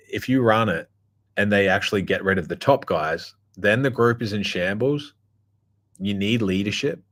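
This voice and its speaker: A man with a very low voice holds forth in a loose, casual monologue. He talks bluntly, swears freely and keeps circling back with fillers and restarts. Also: husky. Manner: rambling, blunt and profane, full of fillers. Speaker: podcast host.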